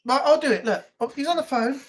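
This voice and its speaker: A woman's voice: high voice, expressive, fairly quick. A woman hosting a casual weekly live chat, rambling and chatty with lots of ums. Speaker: live stream host.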